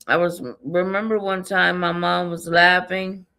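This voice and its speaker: A woman's voice: on the low side, level tone, a little slow, vocal fry, bright, forceful tone. A woman giving a casual spiritual reading, rambling and repetitive, often laughing and muttering to herself. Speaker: tarot and numerology reader.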